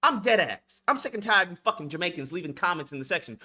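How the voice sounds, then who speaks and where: A man's voice: high-pitched, expressive, quick pace, few pauses, pushed and bright. A man delivering a profane, confrontational rant to the camera for his video channel. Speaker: YouTube commentator. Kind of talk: ranting vlog monologue.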